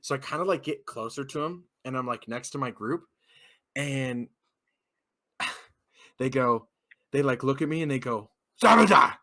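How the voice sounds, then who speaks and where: A man's voice: medium pitch, a little slow, long pauses. A young man on a casual podcast, telling a story with lots of swearing and acting out what people said. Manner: animated storyteller, swears a lot, acts out quotes. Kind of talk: casual chat.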